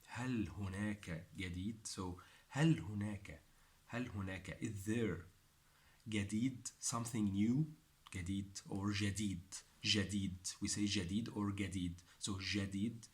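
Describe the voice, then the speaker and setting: Man, low voice, slow careful repetition, language teacher. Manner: slow, repetitive, spells out each phrase. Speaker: Arabic teacher. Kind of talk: language lesson.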